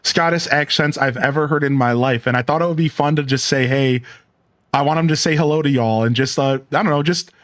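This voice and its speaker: A man's voice: a little high, brisk, dry recording, clean studio sound. A man hosting a live game stream, chatting casually and thanking viewers as he goes.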